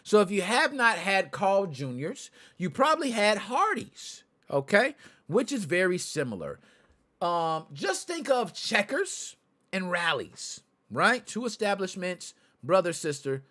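A male podcast host talking casually to his viewers in a fairly high voice. His pitch swings widely and his manner is chatty and lively. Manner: chatty, addresses viewers directly, answers chat. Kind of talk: casual livestream chat.

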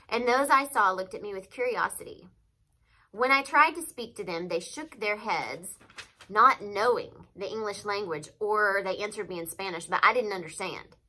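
A woman reads a novel aloud with expressive, lively storytelling. Her tone is bright and crisp. She sounds like a teacher who stops now and then to name a figure of speech. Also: medium pitch, low-quality recording.

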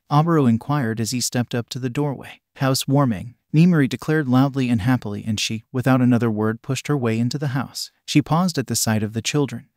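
A man reading a story as scripted narration in an even, unvaried delivery. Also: medium pitch, dry recording, studio quality. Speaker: story reader. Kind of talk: scripted narration of fan fiction.

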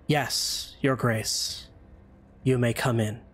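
A man voicing a servile male butler who answers flatly and automatically. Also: medium pitch, extremely slow, breathy edge. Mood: dutiful. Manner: flat, automatic replies.

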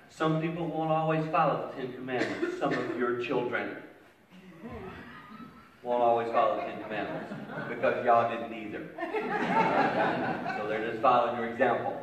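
A middle-aged man giving a humorous storytelling sermon on parenting, animated and swinging from loud punchlines to hushed asides. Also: normal speed, long pauses. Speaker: speaker on parenting. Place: large hall with an audience. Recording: booming echoey hall from far off, with ambient noise.

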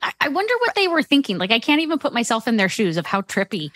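A woman's voice: fairly high pitch, sing-song, fast, fairly bright tone, no room sound, clean studio sound. A woman in her forties co-hosting a podcast, chatty in casual conversation, chiming in often. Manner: chatty, supportive interjections. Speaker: podcast co-host. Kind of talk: casual chat.

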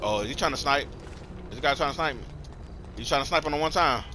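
A man's voice: mid-range voice, a little fast, a little hiss or hum. A young man giving live gameplay commentary, slangy and trash-talking other players. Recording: loud game sounds under the voice.

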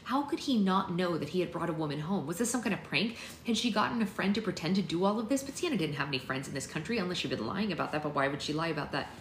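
A woman's voice: on the low side, lively intonation, quick pace, few pauses. A woman hosting a book club, reading a novel aloud with chatty asides to her listeners. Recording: echoey room with faint noise.

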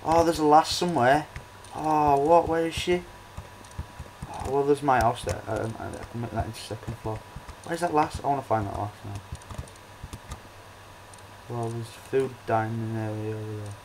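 A man's voice: mid-range voice, fairly even intonation, moderate pace, long pauses, background noise. Rambling man commentating a game. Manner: rambling, hesitant, many ums and restarts. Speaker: let's play host. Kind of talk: casual gameplay commentary.

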